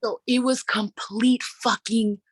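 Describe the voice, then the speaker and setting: A woman hosting a casual wrestling podcast, excitable and swearing often, acting out her own reactions as she tells a story. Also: a little high, slow, slightly rough, no room sound. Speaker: podcast host.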